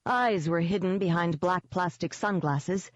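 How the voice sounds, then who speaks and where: A woman's voice: lowish voice, measured pace, no echo, lo-fi sound. A woman giving first-person scripted narration of an audiobook in a tense, vivid storytelling manner.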